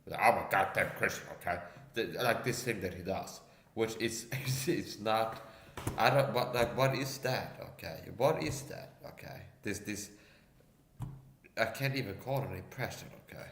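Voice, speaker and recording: A man's voice: fairly low pitch, moderate pace, slight background noise. A man ranting casually as a livestream guest, tagging his lines with "okay?" and "see?", recorded with a roomy echo. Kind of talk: casual rant.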